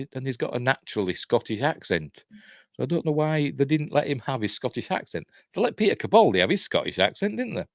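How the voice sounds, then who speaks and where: A man's voice: medium pitch, a little mellow, dry recording, studio quality. A man with a Yorkshire accent hosting a live news stream, chatting in a rambling way, laughing often and reading out viewer comments. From Yorkshire, England.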